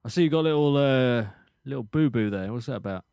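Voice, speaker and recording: A man hosting an improvised comedy scene, teasing and bantering quickly. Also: mid-range voice, gravelly, darkish tone, clear, resonant tone, dry recording. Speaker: host.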